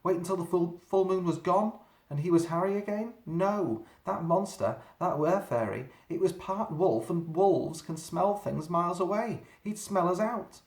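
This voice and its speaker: A man reading a children's story aloud, dramatic and slowing down for suspense. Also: high voice. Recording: roomy echo.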